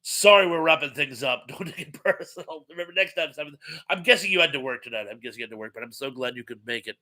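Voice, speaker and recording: A man's voice: on the high side, expressive, quick pace, sharp tone. A man hosting a casual live-stream chat, stuffed up with congestion, rambling and reading viewer comments aloud.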